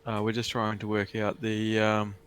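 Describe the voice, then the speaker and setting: Low voiced guy, smooth sound, dry jokey co-host on a race stream. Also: monotone, normal speed.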